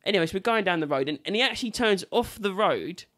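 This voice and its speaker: Animated young man telling a story. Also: high voice, fast talker. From England. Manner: animated storyteller, swears freely. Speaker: podcast guest. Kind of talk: casual storytelling chat.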